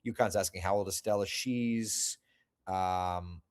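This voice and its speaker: A middle-aged man hosts a casual livestream, reading viewer comments aloud and answering them in a chatty, self-deprecating way. His voice is low, clear and resonant, with fairly even intonation and a measured pace, though it's still recovering after he lost it.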